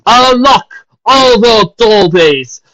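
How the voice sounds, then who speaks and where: A woman voicing an arrogant, pompous male unicorn prince who talks slowly and boastfully. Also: a little high, lively intonation, a bit bright, pitched above the performer's own voice, exaggerated voice. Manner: slow, grandly boastful. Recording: dull lo-fi recording.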